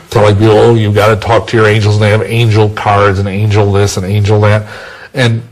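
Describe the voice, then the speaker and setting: Husky low-voiced man rambling in interview. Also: a little mellow, low-quality recording. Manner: rambling, with many restarts and homely sayings. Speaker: interview guest. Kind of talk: conversational interview testimony.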